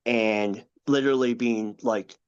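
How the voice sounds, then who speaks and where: A man in his thirties, a podcast guest, recounting a personal story in an earnest, halting way with many asides. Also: mid-range voice, fairly even intonation, smooth, muffled recording. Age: 30s.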